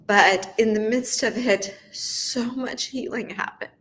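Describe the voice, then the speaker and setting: Slow-spoken woman sharing a tearful testimony. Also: fairly high pitch. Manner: emotional, tearful at times, speaks in soft halting bursts. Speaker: host of a faith video series. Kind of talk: personal testimony, heartfelt talk.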